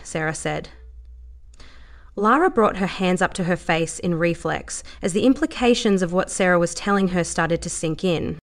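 A woman reading a story aloud in a steady, measured audiobook style. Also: on the low side. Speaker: narrator. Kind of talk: audiobook narration.

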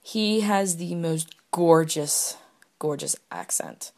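Young woman rambling into her phone, low gravelly voice, giggly, lots of ums. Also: slow pace, a little mellow. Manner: rambling, giggly, frequent fillers and restarts. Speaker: solo podcaster answering question prompts. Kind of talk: casual candid chat.

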